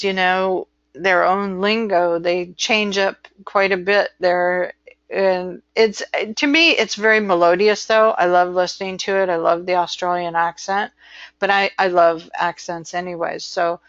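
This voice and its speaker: A woman's voice: on the low side, steady tone, fairly bright tone, dry recording, dull audio. An American woman giving a recorded lecture as an instructor, chatty and full of fillers. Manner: chatty, filler-heavy, slow and deliberate.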